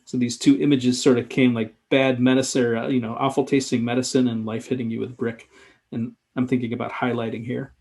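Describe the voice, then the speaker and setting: Husky man thinking aloud while drawing. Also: medium pitch, level tone, normal speed, a little mellow. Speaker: sketchnoting instructor. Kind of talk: live drawing tutorial commentary.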